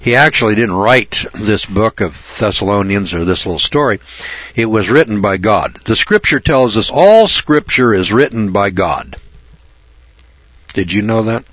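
A man's voice: fairly low pitch, lively intonation, a little slow, a bit bright, no echo. A man preaching a sermon in a folksy, emphatic way, repeating key phrases for weight. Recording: dull, dry lo-fi recording.

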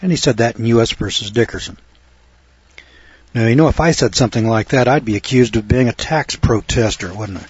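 A man's voice: mid-range voice, brisk, slightly rough, no echo. A man giving lecture-style radio commentary, folksy and sardonic, with a lecturing cadence, recorded on a dull lo-fi radio recording.

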